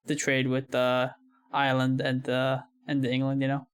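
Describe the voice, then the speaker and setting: A man's voice: mid-range voice, completely flat delivery, measured pace, smooth. A young American man giving casual, hedging commentary while he watches a video, with frequent light laughs. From United States. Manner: laughs often, many fillers and hedging opinions. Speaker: reaction video host.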